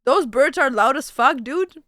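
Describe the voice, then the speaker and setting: High bright goofy woman streamer. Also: expressive, a little slow, dry recording, studio quality. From Canada. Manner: goofy, swears casually, bursts into silly voices. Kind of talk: casual stream chat doing animal sounds.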